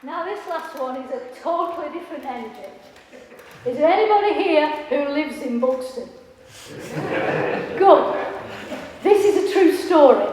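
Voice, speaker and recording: Woman poet at a live spoken-word event, measured and deliberate, echoey hall with faint noise. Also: high voice. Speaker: performing poet. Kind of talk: spoken-word poetry reading.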